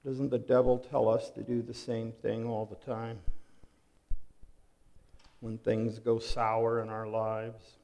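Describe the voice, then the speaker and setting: A pastor preaching a sermon, dramatic and full of rhetorical questions, swinging from hushed to loud. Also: male voice, medium pitch, creaky. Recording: long hall reverb.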